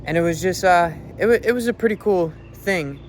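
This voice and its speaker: A man's voice: high voice, fairly quick, a little hiss or hum. A young man, a fitness coach, giving a brash, profane motivational rant from his car.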